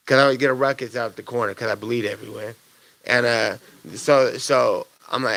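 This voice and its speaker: Gravelly, blunt-talking man fighter. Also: medium pitch, little pitch movement, fast talker, sharp tone, no room sound. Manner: blunt, profane, rambling. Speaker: fighter at a press conference. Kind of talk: post-fight press conference answers.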